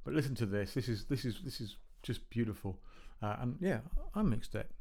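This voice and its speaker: Man, podcast host, medium pitch, casual rambling chat, self-deprecating, home recording room. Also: lively intonation, brisk, darkish tone. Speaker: podcast host playing music tracks.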